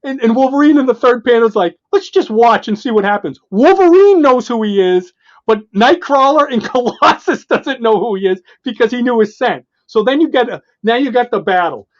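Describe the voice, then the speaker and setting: Excited man retelling comic panels, lo-fi. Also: extremely high pitch. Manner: excited, retells panels and acts out the dialogue in quick bits. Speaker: podcast co-host. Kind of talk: casual comic book chat.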